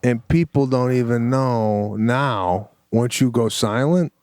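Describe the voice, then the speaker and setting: Slow-talking podcast guy, smooth clear voice, dry deadpan delivery. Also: medium pitch, no echo. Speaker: podcast co-host. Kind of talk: casual chat.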